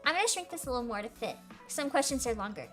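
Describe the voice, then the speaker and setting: A woman's voice: a little high, animated, fast, a bit bright. A young woman hosting a casual livestream Q&A, chatty and giggly, with lots of "like". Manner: giggly, chatty, says "like" a lot. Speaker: streamer hosting a Q&A. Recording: faint background music.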